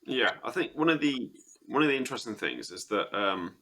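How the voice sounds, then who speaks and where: A man's voice: medium pitch, animated, fairly quick, sharp tone. A man in a casual interview, speaking hesitantly with many restarts.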